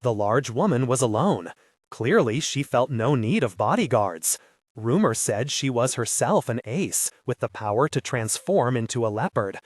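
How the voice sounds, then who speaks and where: A man's voice: mid-range voice, very animated, moderate pace, no room sound. Man narrating an audiobook, dry close sound. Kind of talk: scripted narration.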